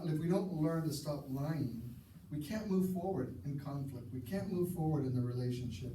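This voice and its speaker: A man preaching a sermon, earnest and conversational, sometimes dropping his voice low for emphasis. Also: mellow. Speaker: pastor. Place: church sanctuary. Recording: echoey church hall, mic at a distance, faint hiss.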